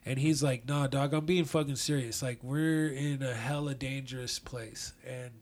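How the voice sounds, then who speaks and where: A man's voice: mid-range voice, steady tone, moderate pace, background noise. A young man from Colorado telling a profane, slang-heavy story in casual chat, acting out the quotes. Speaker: guest storyteller.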